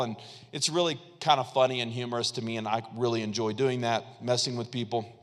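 A man's voice: medium pitch, brisk, fairly bright tone, long reverb tail. A man pastor preaching a sermon in a church, conversational and repetitive, calling on the congregation to respond.

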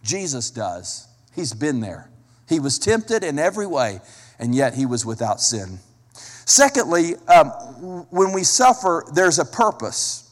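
A man's voice: on the high side, big pitch swings, unhurried. A man preaching a sermon as a pastor, emphatic, repeating key phrases and asking the listeners direct questions. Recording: long hall reverb.

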